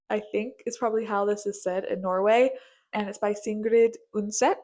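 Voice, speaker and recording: A young American woman talking in a relaxed, chatty way, bubbly and gushing. She drops plenty of casual fillers and sits at an ordinary, middle pitch. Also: a little fast. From United States. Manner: bubbly, gushing, filler-heavy with frequent likes. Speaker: book vlogger. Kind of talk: casual chat.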